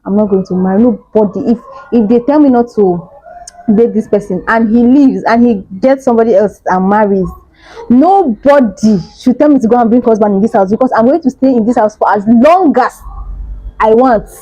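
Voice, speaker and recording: A young Nigerian woman vlogger telling a personal story in an animated way, laughing often. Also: on the high side, fairly quick, no echo, highs cut off. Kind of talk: storytime vlog.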